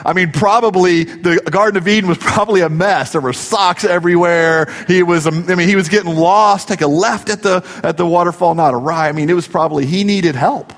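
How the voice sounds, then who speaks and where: A man's voice: sits high, fairly quick, hardly any pauses. A middle-aged man preaching a sermon, joking and telling family stories as a pastor. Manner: jokey, storytelling preacher. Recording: long reverb of a large hall.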